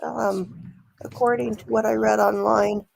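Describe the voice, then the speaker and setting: A middle-aged woman talks slowly through a casual true crime commentary, her voice gravelly with fry. She rambles and restarts her sentences, leaning on fillers as she goes. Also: on the high side, flat delivery, a little mellow.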